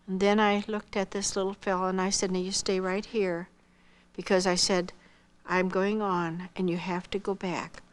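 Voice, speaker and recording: An older woman giving a personal missionary testimony, earnestly telling her story and acting out remembered dialogue, dropping to a hush at tender moments. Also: mid-range voice, flat delivery, normal speed.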